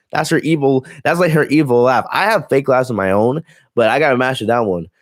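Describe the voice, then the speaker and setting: A man's voice: mid-range voice, a little fast, no echo, studio quality. A man hosting a casual live stream on wrestling, blunt and profane, ranting and reading viewer comments aloud. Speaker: wrestling show host.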